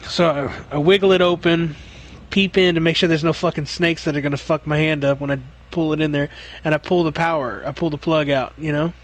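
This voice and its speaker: A man's voice: a little high, fairly even intonation, a little fast, few pauses. A man who works as a plumber, telling a long job story in casual, profane chat on a podcast. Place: remote podcast call.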